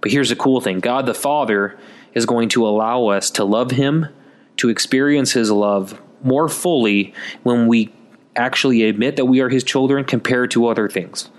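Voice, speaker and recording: A man's voice: mid-range voice, moderate pace. A man giving a conversational Catholic Advent sermon in a folksy, chatty way, calling listeners folks. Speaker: Catholic preacher.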